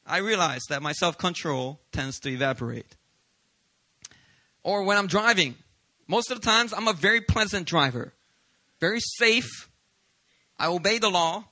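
Male pastor, sermon delivery, animated and self-deprecating, very bright tone. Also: high voice, no echo. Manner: animated, confessional storytelling with humor.

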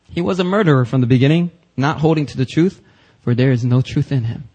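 A man's voice: medium pitch, fast talker, darkish tone, husky, low-quality recording. A man preaching a church sermon, emphatic and casual, with slang and rising intensity on quoted passages. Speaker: pastor. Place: church service.

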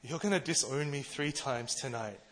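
A preacher voicing a calm male teacher. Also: mid-range voice, normal speed, natural voice.

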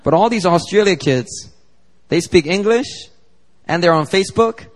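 A man's voice: high voice, normal speed. Man preaching in a reverberant hall. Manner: animated storytelling, acts out quoted dialogue. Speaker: pastor. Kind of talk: sermon storytelling. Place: church sanctuary. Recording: long church hall reverb.

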